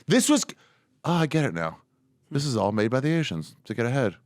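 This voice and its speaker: A man, a comedian guest on a podcast, riffing in casual comedic chat with deadpan lines and sudden jumps up in pitch. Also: fast talker, no room sound, clean studio sound.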